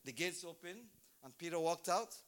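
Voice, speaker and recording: A man preaching a sermon at a church service, telling a story with lively acted-out scenes. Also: a little high, moderate pace. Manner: animated storytelling, acts out scenes.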